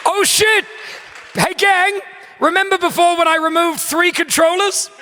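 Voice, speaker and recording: An Australian man hosting a live comedy show on stage, loud, sweary and exasperated as he banters with the audience. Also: extremely high pitch, steady tone, a little slow, a faint crowd, slight background noise.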